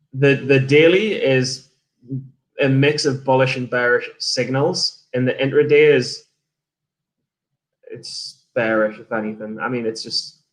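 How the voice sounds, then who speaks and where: Medium pitch, a bit bright: that's the voice of an English-accented man from England who streams as a day trader. He talks casually about his trades and reads viewer messages on the livestream, rambling, swearing freely, and often starting his sentences again.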